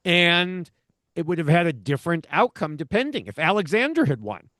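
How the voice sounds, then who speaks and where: Higher-pitched middle-aged man, dry sound. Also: very animated, a bit bright, no room sound. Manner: measured and analytical, with frequent "you know" fillers. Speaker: podcast co-host, reality TV commentator. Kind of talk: casual podcast discussion.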